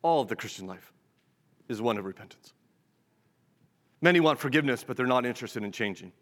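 A man's voice: medium pitch, animated, brisk, fairly bright tone, long reverb tail. A pastor preaching a sermon in an earnest, direct way, often restarting his phrases.

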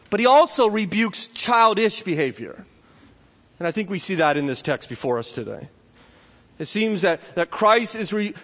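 A man giving an earnest sermon as a pastor, his voice dropping low and soft and then rising high and loud. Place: church sanctuary. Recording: long hall reverb.

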